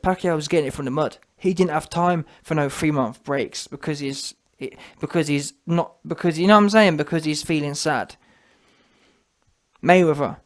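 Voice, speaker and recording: High-voiced male vlog host; scornful, animated boxing rant. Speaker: boxing commentator. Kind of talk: ranting commentary vlog.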